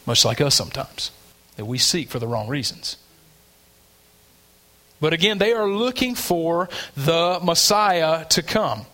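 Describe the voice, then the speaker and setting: A man's voice: a little high, lively intonation, a little slow, pauses often, sharp tone. A man preaching a sermon, explaining scripture verse by verse in an earnest teaching manner, often restarting his sentences.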